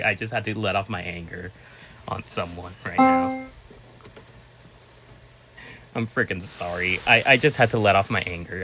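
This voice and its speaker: A man chatting casually as a vlogger, excitable and rambling, with restarts and sudden loud outbursts. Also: low voice. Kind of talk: casual vlog chat.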